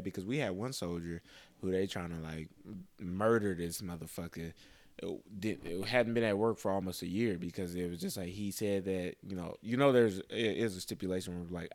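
A man talking frankly and profanely in casual chat, animated as he vents. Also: low voice, dry recording.

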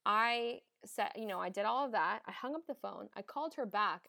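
A woman's voice: mid-range voice, moderate pace, gravelly, few pauses, bright, forceful tone, no room sound, clean studio sound. A young woman who works as an emergency nurse, hosting a podcast and speaking frankly and emphatically, often swearing, in casual chat.

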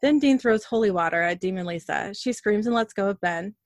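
Woman host narrating a show recap, middle pitch, dry close mic. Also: a little fast, dry recording. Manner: chatty, plain storytelling. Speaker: podcast host recapping a TV episode.

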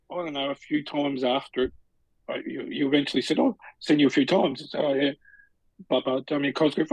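Aussie guy co-hosting a podcast, rambly storyteller, slightly husky, dry close sound. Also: medium pitch, level tone, fairly quick, dry recording, dull audio. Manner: chatty, storytelling with lots of restarts. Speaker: podcast co-host. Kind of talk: casual chat.

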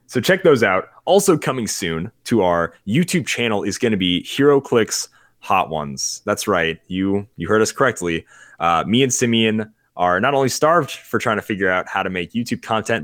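A man's voice: lowish voice, fairly bright tone, dry recording, clean studio sound. A man co-hosting a casual podcast, playful and teasing. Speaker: podcast co-host.

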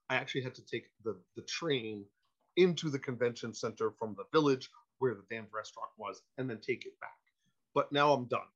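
A man, a podcast guest, telling a casual anecdote in an animated, self-interrupting way, on a dull lo-fi recording. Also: medium pitch.

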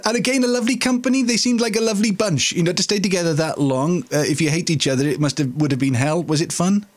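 A man hosting an interview, asking questions with halting restarts. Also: sits high. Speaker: interviewer host. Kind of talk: conversational interview.

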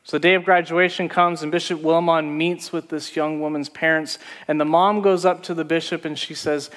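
Pastor guy preaching, kinda high voice, long echo like a big hall. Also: fairly even intonation, normal speed, fairly bright tone. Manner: conversational storytelling preacher. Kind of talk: sermon.

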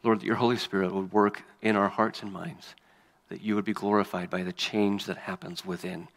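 A man's voice: sits low, little pitch movement, moderate pace, vocal fry. Man reading scripture in a reverberant hall. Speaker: pastor.

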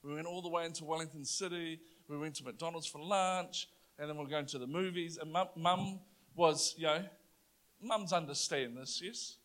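A New Zealand man preaches a sermon, his voice sitting high for a man. He tells a story with animated, playful energy and climbs to loud, triumphant declarations. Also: normal speed.

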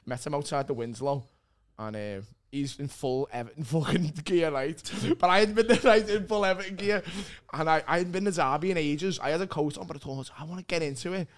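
A man's voice: on the high side, brisk, few pauses. Swearing Liverpudlian man telling stories. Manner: animated storytelling with lots of swearing and laughter. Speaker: comedian guest. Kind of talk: casual podcast chat.

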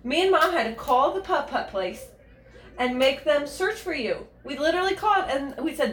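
Woman, casual chat, playful teasing, slightly high voice, roomy echo. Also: animated, normal speed, fairly bright tone.

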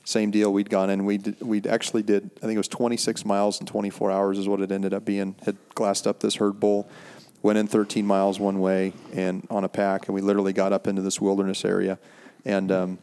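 Very deep flat gravelly man. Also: brisk. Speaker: podcast host. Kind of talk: casual chat.

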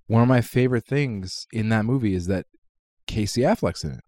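A man's voice: mid-range voice, brisk, darkish tone, dry recording, studio quality. A man co-hosting a podcast, animatedly retelling a movie scene with lots of swearing. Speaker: podcast host. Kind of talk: casual chat.

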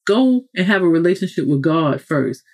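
Her voice on the low side with a darkish tone, this podcast host delivers a very animated motivational monologue at a moderate pace. She preaches directly at the listener, frequently correcting herself and slipping in asides.

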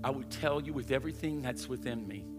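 Middle-aged preacher in a reverberant hall. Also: male voice, fast. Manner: emphatic preaching, swinging between loud high declarations and hushed low asides; punctuates with catchphrases to the crowd. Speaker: pastor. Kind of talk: sermon. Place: large church sanctuary. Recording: long hall reverb with live band music. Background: band playing.

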